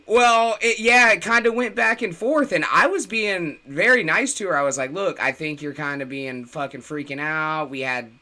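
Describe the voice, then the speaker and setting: A man's voice: a little high, moderate pace, hardly any pauses, bright, forceful tone. A man in casual, profane podcast chat, telling a story bluntly and with lots of swearing.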